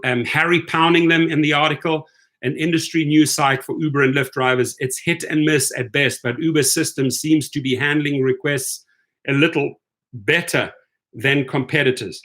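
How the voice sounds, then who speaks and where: Fired up and indignant, a man hosting a rideshare channel repeats himself throughout his commentary and keeps looking for agreement with "right?". He talks at normal speed in a somewhat high, slightly bright voice with fairly even intonation.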